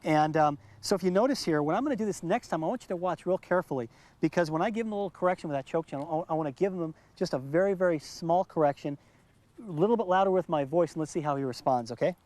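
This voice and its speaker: A middle-aged man with a slightly high voice teaches in a patient, explanatory way. He leans on repeated words to stress his points. It is a calm instructional demonstration recorded outdoors. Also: quick pace, dry recording. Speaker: dog trainer.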